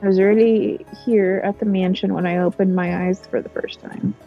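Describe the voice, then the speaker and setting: A woman voicing a polite, eerie female doll servant in a game, speaking in a formal monotone. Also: mid-range voice, moderate pace, vocal fry, lo-fi sound, faint music behind, close to an everyday voice.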